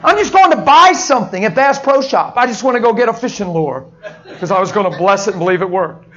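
A man preaching a sermon in a storytelling way, swinging from hushed, soft lines to loud, laughing outbursts. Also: high voice, animated, fast talker, highs cut off.

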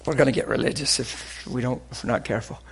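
A man preaching a sermon, animated and full of stories, moving between loud exclamations and quiet, hushed asides. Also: medium pitch, fast talker, gravelly, slightly rough.

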